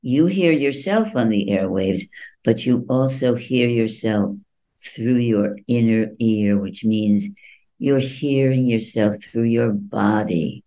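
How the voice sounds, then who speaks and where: Male voice coach guest, unhurried, acts out quoted voices, dark mellow timbre. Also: medium pitch, low-quality recording. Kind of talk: interview answers.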